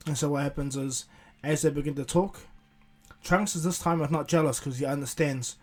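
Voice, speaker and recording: A man's voice: a little high, moderate pace. A man casually retelling a fan-made story, rambling with many restarts.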